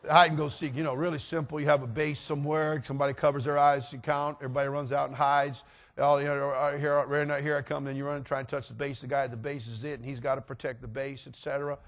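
A middle-aged man preaching, telling a story and acting out voices with animated delivery. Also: medium pitch, fast. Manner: animated, acts out voices in anecdotes. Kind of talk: sermon storytelling.

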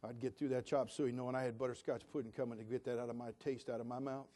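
A man's voice: medium pitch, level tone, quick pace, dark tone. An older man preaching a sermon in a folksy, homespun storytelling way with fervent conviction.

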